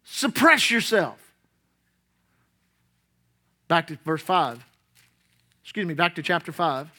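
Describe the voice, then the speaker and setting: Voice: mid-range voice, bright, forceful tone. A preacher delivering a sermon, reading scripture aloud and putting rhetorical questions to the congregation. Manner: reads scripture aloud, then explains it; emphatic, drawn-out stresses on key words.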